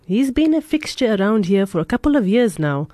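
A woman's voice: medium pitch, sing-song, fairly quick, mellow, no echo, studio quality, pitched above the performer's own voice, lightly acted. A woman voicing an easygoing male police officer who speaks in a plain, matter-of-fact way.

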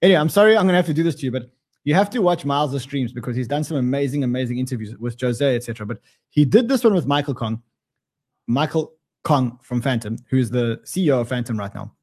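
A man's voice: mid-range voice, animated, quick pace, darkish tone. A man with an Australian accent hosting a casual livestream, joking and rambling with many restarts. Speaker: livestream host.

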